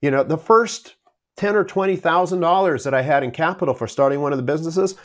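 A man's voice: on the high side, fast talker. A man who is an entrepreneur guest on an interview podcast, telling stories casually and chuckling often.

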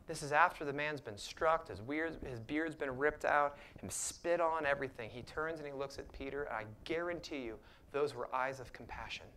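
A male pastor preaching a sermon, passionate and emphatic, swinging between loud bursts and hushed asides, with sarcastic jabs. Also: on the high side, a little hiss or hum. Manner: sarcastic mock voices for points.

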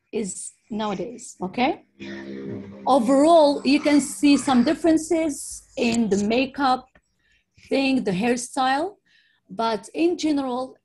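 Breathy woman presenting slides. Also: a little high, darkish tone, low-quality recording. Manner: chatty, checks in with listeners. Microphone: video call.

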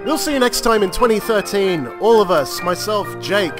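A man's voice: high voice, expressive, normal speed, music in the background. A man hosting a podcast, joking casually and wrapping up the show with plugs. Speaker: podcast host. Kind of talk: casual chat.

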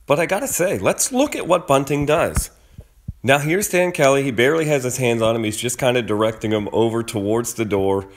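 A man's voice: medium pitch, animated, brisk. A man giving an argumentative commentary on hockey video clips, acting out what players and officials say. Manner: emphatic, argumentative, acts out quotes.

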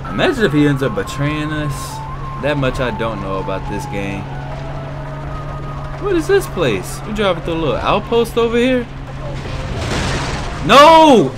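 A young man commentating his game playthrough, excitable and yelling at the game. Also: on the low side. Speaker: gamer. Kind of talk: let's play commentary. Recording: game music behind.

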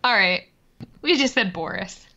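A woman's voice: medium pitch, animated, a little slow, sharp tone, highs cut off. A woman competing on a podcast quiz, talking tentatively and laughing at herself. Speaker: quiz contestant. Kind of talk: casual podcast chat.

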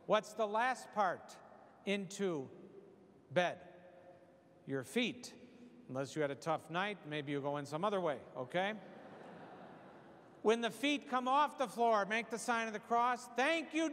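A man in his sixties, a priest giving a folksy, joking homily. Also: high-pitched. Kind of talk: humorous homily. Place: church hall. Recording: long hall reverb.

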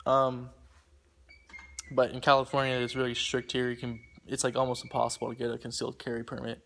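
A man's voice: mid-range voice, monotone, brisk, vocal fry, fairly bright tone, a little hiss or hum. A young man tells a story casually outdoors in the cold, rambling and filling his speech with "like". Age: young adult. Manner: rambling, heavy use of "like". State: shivering in the cold. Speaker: vlogger. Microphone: phone.

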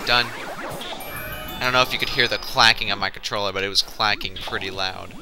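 A man's voice: lowish voice, fairly even intonation, fairly quick, over music. A young man giving casual let's play commentary with chatty, mumbled asides.

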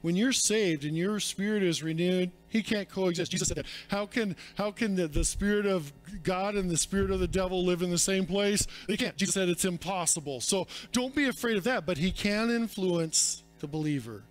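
A male pastor preaches earnestly and addresses his congregation directly. His voice sits notably high for a man. Faint music plays underneath. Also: moderate pace, few pauses. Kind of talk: sermon.

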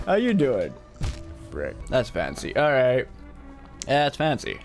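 A man's voice: mid-range voice, wildly swooping pitch, slow pace, faint music behind. A man streaming a video game, tired and losing his voice, joking and laughing, with frick and freaking in place of swears. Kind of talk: casual live-stream commentary.

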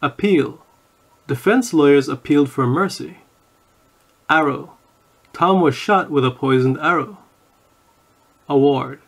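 A man reading course audio, saying each word and then an example sentence in a slow scripted vocabulary reading. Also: on the high side, gravelly.

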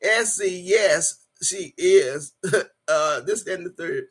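A woman's voice: fairly low pitch, slow, slightly rough. A woman hosting a casual livestream. She reads viewer comments aloud, laughs often and calls the viewers "y'all". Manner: urges viewers to like and subscribe. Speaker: channel host.

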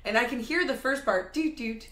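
A woman co-hosting a podcast in casual chat, relaxed and agreeable, often giving short replies. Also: on the high side, moderate pace, roomy sound. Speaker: podcast co-host.

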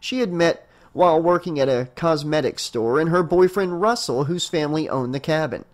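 A man narrating a horror novel as an audiobook reader, with a steady storytelling delivery. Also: fairly high pitch, moderate pace.

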